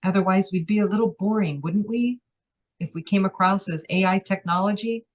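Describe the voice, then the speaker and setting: A woman in a trance-channeling session, speaking for a collective as "we" with a playful, teasing, unhurried delivery. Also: medium pitch. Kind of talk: channeled spiritual message.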